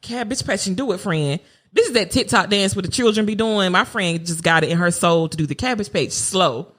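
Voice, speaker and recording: A woman's voice: medium pitch, fairly quick. A woman, co-hosting a podcast and ranting through comic stories. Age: 30s. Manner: animated, ranting storytelling. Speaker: podcast co-host. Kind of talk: casual comedic chat.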